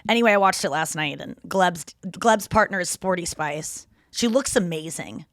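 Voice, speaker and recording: A woman's voice: lowish voice, normal speed, dry recording, studio quality. A woman in her thirties, a comedian hosting a podcast, chatting casually and mocking people in put-on voices. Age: 30s. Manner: animated, profane, acts out quotes in mocking voices; frequent "like" fillers and restarts. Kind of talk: casual chat.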